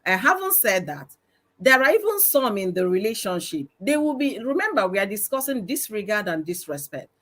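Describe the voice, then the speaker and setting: A middle-aged Nigerian woman speaks loudly and with emphasis, telling stories from her own life. Her voice sits at an ordinary pitch for a woman. She talks as one of several panelists in a live-streamed group discussion. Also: very animated, moderate pace. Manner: loud, emphatic, storytelling. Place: live stream video call.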